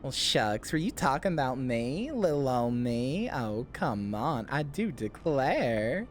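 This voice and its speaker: A woman putting on a coy, flirty Southern belle with a put-on Southern US drawl, slow and lower than her usual voice. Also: sing-song, slight background noise, full character voice.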